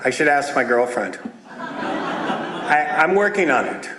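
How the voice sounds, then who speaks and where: An older man giving a comedic talk at a recovery meeting, animated and storytelling, breaking into shouts when acting out scenes. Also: medium pitch, takes it slowly, pauses often. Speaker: AA meeting speaker. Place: meeting room with audience. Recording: roomy echoing meeting hall.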